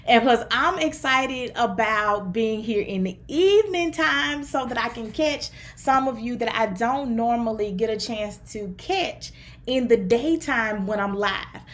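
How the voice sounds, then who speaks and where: A Southern US woman with a country twang, working as a therapist and relationship coach, chats to viewers on a livestream. Her voice is a little high and expressive, her pace unhurried, and she stays upbeat and chatty as she talks straight to her audience in casual livestream talk.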